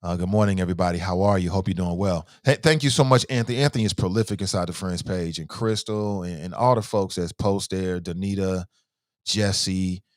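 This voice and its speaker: A man's voice: deep voice, brisk, dry recording, studio quality. A middle-aged man hosting a casual morning talk show, rambling along and repeating phrases for emphasis. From Cincinnati. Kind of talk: casual live-stream talk.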